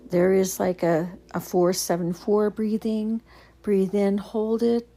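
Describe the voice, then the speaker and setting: A woman gently guiding anxiety-relief exercises, talking slowly with soft pauses and fillers. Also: mid-range voice, flat delivery. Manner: drops to a whisper at times. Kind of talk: calming self-help guidance.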